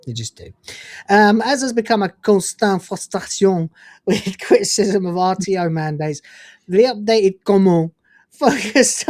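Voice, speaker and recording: A low-voiced English woman co-hosting a live stream, reading news and then giving her own blunt, profane opinions with bursts of laughter. Her voice sounds dry and close, with no room around it. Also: a little mellow, dry recording. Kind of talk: casual chat with reading of news items.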